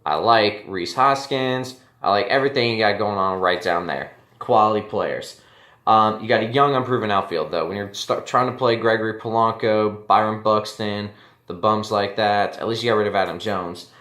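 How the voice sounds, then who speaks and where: A man's voice: on the low side, a bit bright. Brash joking man, echoey room. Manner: brash, joking, profane, addresses league mates directly. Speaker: fantasy baseball league host. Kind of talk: casual solo commentary.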